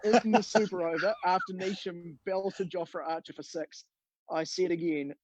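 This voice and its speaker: A man's voice: high-pitched, steady tone, moderate pace. A man, a TV sports journalist, telling a blunt, rueful story in casual podcast chat. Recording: dull lo-fi audio.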